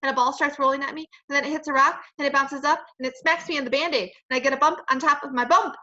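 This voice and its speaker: A woman's voice: sits high, fairly even intonation, fast talker, pushed and bright, highs cut off, pitched above the performer's own voice. A woman voicing an anxious, dramatic little boy who talks in a fretful, earnest way.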